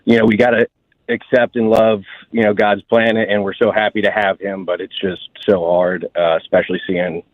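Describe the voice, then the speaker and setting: A man's voice: fairly low pitch, level tone, moderate pace, no echo. A man calling into a radio show, earnest and choked up with emotion. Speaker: caller. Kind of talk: phone call into radio show. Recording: tinny phone line.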